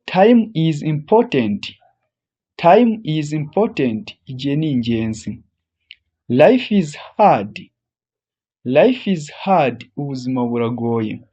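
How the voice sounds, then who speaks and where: A language teacher runs a phrase drill, saying each English phrase twice, slowly and deliberately, then translating it. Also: mid-range voice, expressive, mellow, slightly rough, muffled recording.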